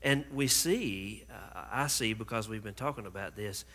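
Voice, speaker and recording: Pastor guy, low voice, earnest and encouraging, long hall echo. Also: moderate pace. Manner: earnest, gently affirming. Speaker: pastor hosting the conversation. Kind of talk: church interview.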